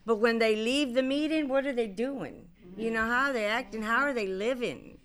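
A middle-aged woman with a bright, sharp-edged voice shares her personal story from a convention stage. Her talk is candid and loose, full of fillers, restarts and the odd curse word. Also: a little high, moderate pace. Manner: candid, rambling, many fillers and restarts, casual swearing. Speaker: speaker at a recovery convention.

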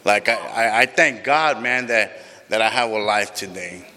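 In a large hall with long reverb, a man tells a group the raw, emotional story of his recovery, swearing often. His voice is lowish, unhurried, pushed and bright.

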